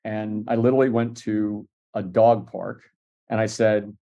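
A middle-aged man telling stories in a casual interview, quick and animated, acting out what others said. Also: lowish voice, narrow, tinny audio. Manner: fast, animated storytelling with acted-out quotes. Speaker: podcast guest, entrepreneur.

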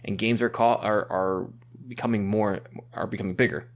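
A man hosting a casual chat, upbeat and quick, with fillers and restarts. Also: lowish voice, steady tone, gravelly. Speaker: podcast host. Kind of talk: casual chat, presenting news.

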